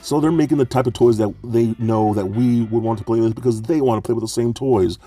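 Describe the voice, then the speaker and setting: An excited man reviews collectible toys, gushing and tripping over his own words as he restarts sentences. His voice has a warm, mellow tone at a middle pitch. Faint music plays underneath. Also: a little fast. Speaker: toy reviewer. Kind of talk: enthusiastic toy review.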